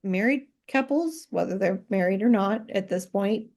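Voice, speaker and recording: A woman co-hosting a casual book podcast, chatty, adding her own take and quick agreements. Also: medium pitch, a loud crowd. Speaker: podcast co-host. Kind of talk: casual book recap chat.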